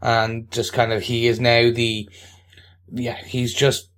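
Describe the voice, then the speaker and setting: A man's voice: mid-range voice, completely flat delivery, slow, a bit bright. A man co-hosting a podcast, chatting casually and making jokes, often stammering and restarting his phrases. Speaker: podcast co-host.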